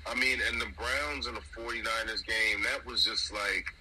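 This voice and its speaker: A man co-hosting a podcast, ranting about football in a profane, animated casual chat over a noisy recording. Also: lowish voice, moderate pace. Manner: profane, animated sports rant. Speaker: podcast co-host.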